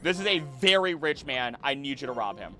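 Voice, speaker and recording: A young man casually commenting on his gameplay while he streams, chatty and animated, with sudden loud outbursts. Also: medium pitch, a little fast, faint music behind. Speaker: streamer playing a video game.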